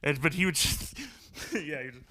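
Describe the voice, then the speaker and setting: A man's voice: a little high, a little fast, pushed and bright. A young man co-hosting a casual podcast, rambling through stories with frequent laughter and swearing. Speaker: podcast co-host.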